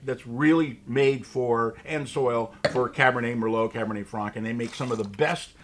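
A man's voice: mid-range voice, steady tone, moderate pace. A man co-hosting a wine tasting, talking in an enthusiastic, jokey, casual way. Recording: noisy background.

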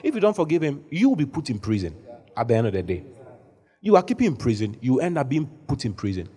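A man preaching a sermon to a congregation in a large church hall, animated, at times shouting. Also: mid-range voice, quick pace, husky. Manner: animated preaching, rising to shouts when acting out the story. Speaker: bishop preaching.

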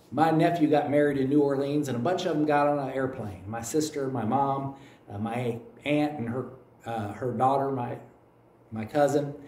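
A man's voice: medium pitch, a little mellow. A man with a Kentucky accent preaching a sermon as pastor of a church, telling folksy stories with repeated phrases. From United States. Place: church sanctuary. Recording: echoey room, voice from a distance.

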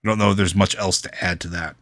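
A man's voice: low-pitched, fairly even intonation, fast talker, a bit bright, dry recording, studio quality. A man co-hosting a gaming podcast, chatting casually through news with lots of fillers and restarts. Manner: rambling, many fillers and restarts. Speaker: podcast co-host.

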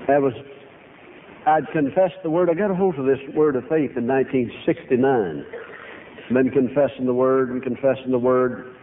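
An older man preaching a sermon, telling folksy, animated stories full of quoted dialogue. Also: medium pitch, moderate pace. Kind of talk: storytelling sermon. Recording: tinny phone-like archive recording, faint hiss.

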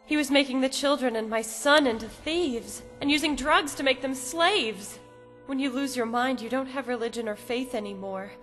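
A woman's voice: sits high, normal speed. An actress playing a desperate mother who fights to get her lost son back. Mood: remorseful. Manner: frantic pleading, then quiet confessional. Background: music score.

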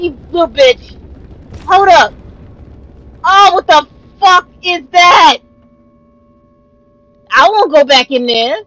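Young woman gaming on stream, really high bright voice, slow drawn-out talk, swears and screams at the game. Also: no room sound, rough recording. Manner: excitable, cursing, yelling at the game; laughs nervously between jumps. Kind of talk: live gameplay commentary.

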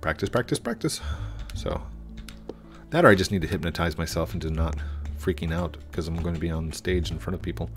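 This man, a gaming YouTuber, rambles through casual gameplay commentary and gets sidetracked easily. His deep voice is briskly paced with fairly even intonation, and faint music plays behind him.

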